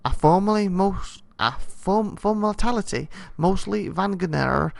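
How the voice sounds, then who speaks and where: A man's voice: sits high, lively intonation, a little slow, creaky, no echo, voice pushed up, full character voice. A man reading a bored, haughty young prince's lines in a raised, slightly pouty voice. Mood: weary, haughty.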